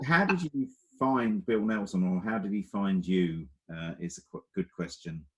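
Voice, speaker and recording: A man with a low, deep voice hosts a conversational interview. He talks in a relaxed way and often restarts his sentences before he finds the words. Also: normal speed. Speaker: interview host.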